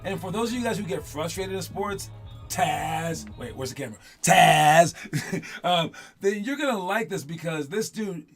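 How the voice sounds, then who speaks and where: A man's voice: sits high, lively intonation, normal speed, creaky. A man coaching kids in a casual, rambling talk, joking and breaking into song now and then. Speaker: basketball coach teaching kids. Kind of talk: casual motivational classroom talk. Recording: music playing loudly underneath.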